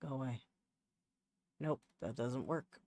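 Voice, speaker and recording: A man's voice: mid-range voice, animated, slow pace, a little mellow, no echo. A man streaming live, chatting casually while he works, often muttering to himself and restarting his sentences in exasperation. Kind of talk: casual livestream chat while working. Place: home setup.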